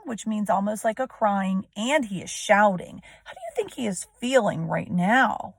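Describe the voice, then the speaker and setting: A woman's voice: medium pitch, lively intonation, measured pace, hardly any pauses, no room sound. A woman teacher reading a storybook aloud to children and explaining it, often asking questions and checking with "right?".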